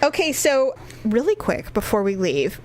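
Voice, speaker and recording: A middle-aged woman co-hosting a podcast, telling a story in casual chat, laughing often and swinging her pitch wildly when she quotes people. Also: big pitch swings, normal speed, a little mellow. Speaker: podcast co-host.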